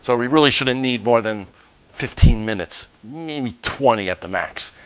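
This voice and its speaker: A man hosting a home cooking demonstration, talking through each step in a relaxed, jokey way with the odd pun. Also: mid-range voice, normal speed, smooth. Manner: relaxed, jokey, cracks puns. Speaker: cooking show host.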